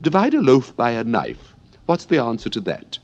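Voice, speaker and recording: A man's voice: mid-range voice, wildly swooping pitch, moderate pace, a little mellow, lo-fi sound, voice pushed up. A man reading an audiobook, voicing a feeble, muddled queen with a fussy, anxious quaver. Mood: dithering.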